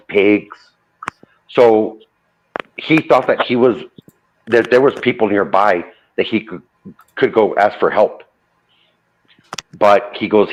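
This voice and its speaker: A man casually retelling a true ghost story, relaying the dialogue with lots of "I go" and "he goes.". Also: lowish voice. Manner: loose retelling full of "I go" and "he goes". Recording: dull lo-fi audio.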